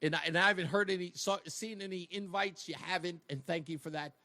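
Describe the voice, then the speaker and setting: Brief: male radio host, high voice, quick jokey studio banter. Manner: animated, joking banter. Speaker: radio talk show host. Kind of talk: talk radio chat.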